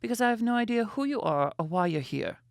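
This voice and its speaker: A man voicing a cold, dismissive veteran female TV host with a flat, deadpan delivery. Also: high-pitched, quick pace, gravelly, no echo, studio quality, pitched above the performer's own voice.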